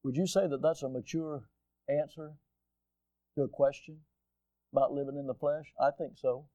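A middle-aged man preaching with a high, light voice, recorded close and dry with no room sound. He swings between loud, climbing asides and low, earnest emphasis, speaking straight to his listeners as folks. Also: fairly even intonation, moderate pace, no room sound, lo-fi sound. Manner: addresses listeners directly as folks. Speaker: pastor. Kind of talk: sermon.

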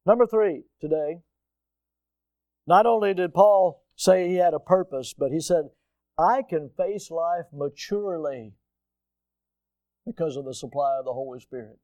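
High-voiced emphatic preacher man. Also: no echo. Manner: emphatic preacher, swings from loud asides to low, earnest stresses; addresses listeners directly as folks. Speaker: pastor. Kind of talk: sermon.

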